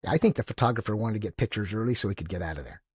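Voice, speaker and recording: A man in his sixties, a podcast guest who tells animated, enthusiastic stories and acts out the quotes. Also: fairly low pitch, very fast, slightly rough, dry recording, studio quality. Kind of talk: casual storytelling interview.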